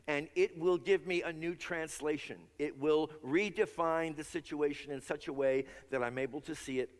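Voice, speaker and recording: Earnest male minister in echoing hall. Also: mid-range voice. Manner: earnest, leads congregation in spoken affirmations. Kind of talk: sermon. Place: large church sanctuary. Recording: long hall reverb.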